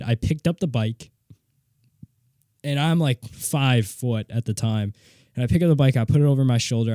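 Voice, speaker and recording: Rich: a young man recounts a story on his solo podcast, rambling and animated, cursing freely. His voice is mellow and warm. The sound is dry and close, as from a home studio mic. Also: medium pitch, dry recording. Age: young adult. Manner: rambling, animated, swears casually. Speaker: podcast host. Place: home studio with guitar and mixing board.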